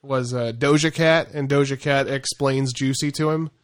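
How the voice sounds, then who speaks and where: A man's voice: mid-range voice, fairly even intonation, normal speed, noisy background. A man co-hosting a podcast in casual chat, rambling and chuckling, with lots of fillers and restarts. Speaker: podcast co-host.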